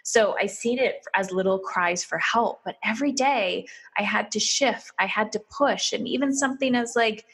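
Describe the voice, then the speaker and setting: Earnest woman, podcast guest, mid-pitched, acts out remembered dialogue. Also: moderate pace, hardly any pauses, a bit bright, husky. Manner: earnest, quotes herself and others in dialogue. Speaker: podcast guest telling her story. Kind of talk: candid personal storytelling.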